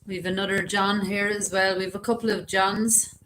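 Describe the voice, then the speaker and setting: A woman's voice: mid-range voice, level tone, normal speed, fairly bright tone, a little hiss or hum, rough recording. A woman hosting a casual livestream, chatting and greeting her viewers by name. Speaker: livestream host.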